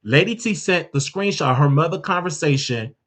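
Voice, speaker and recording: Animated chatty woman host. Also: low voice, normal speed. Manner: animated, chatty storytelling with frequent restarts. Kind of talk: casual gossip commentary.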